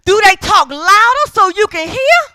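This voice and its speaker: High-voiced woman preaching with emphatic calls. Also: very animated, normal speed, pushed and bright, no room sound. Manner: emphatic call-and-response preaching. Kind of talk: sermon.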